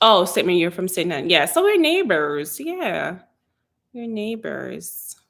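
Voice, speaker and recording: A woman from Jamaica with a Jamaican accent, hosting a live stream about hair care and answering viewers' questions in a sassy, animated, chatty way. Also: on the low side, unhurried, gravelly. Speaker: hair care channel host. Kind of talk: casual live-stream Q&A chat.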